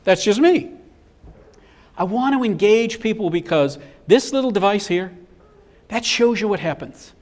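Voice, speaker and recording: A middle-aged business speaker presents a live seminar in a high voice, at a measured pace with frequent pauses. He tells stories and brings the quotes to life by acting them out.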